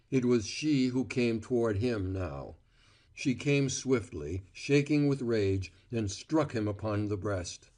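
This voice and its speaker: A man with a medium-pitched voice narrates an audiobook. His scripted reading is measured and expressive.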